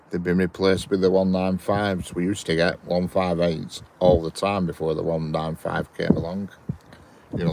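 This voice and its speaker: Northern english bloke rambling at the trackside, deep gravelly voice, bit of outdoor noise. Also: male voice, darkish tone. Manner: chatty, rambling, answers viewers one by one. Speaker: trainspotting livestream host. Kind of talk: casual chat reading live messages. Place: outdoors by a railway line. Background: birds and outdoor ambience.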